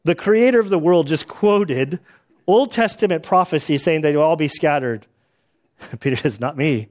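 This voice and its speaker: A man's voice: a little high, lively intonation, moderate pace, darkish tone, highs cut off. Conversational man teaching scripture. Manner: conversational, acts out quotes with laughs. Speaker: Bible teacher. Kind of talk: casual Bible teaching.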